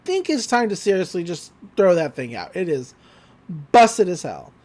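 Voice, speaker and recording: A laid-back teenage girl speaks bluntly and casually, as a podcast host puts her on. The pitch moves around lively. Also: normal speed.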